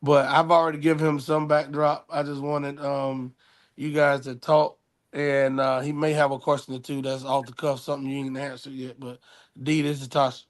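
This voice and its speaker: A man chatting casually as a co-host, with a loose, rambling and animated delivery. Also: medium pitch, normal speed. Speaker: co-host introducing guest. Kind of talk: casual chat.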